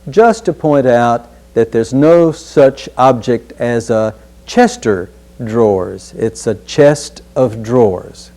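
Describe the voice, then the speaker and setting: A male speech instructor leads a pronunciation drill at a slow, measured pace. His voice is mellow and sits in a middle register. He sounds out each word with care and repeats it for the listener. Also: medium pitch.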